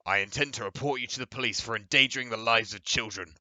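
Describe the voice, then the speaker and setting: A man's voice: mid-range voice, quick pace, pushed and bright, no echo. A man playing a pompous, indignant middle-aged father who scolds and rants.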